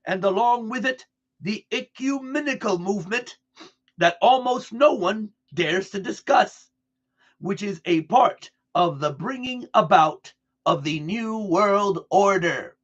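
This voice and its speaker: A man reading a broadcast transcript aloud in an earnest, deliberate way, restarting now and then over a word. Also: sits high, animated, fairly bright tone, muffled recording. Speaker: reader.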